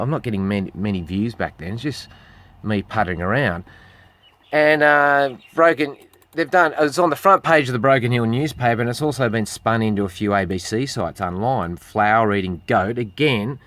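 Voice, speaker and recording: A man's voice: mid-range voice, fairly bright tone. An Australian man telling a long, rambling story straight to camera, swearing freely and acting out what other people said. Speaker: street performer with a goat.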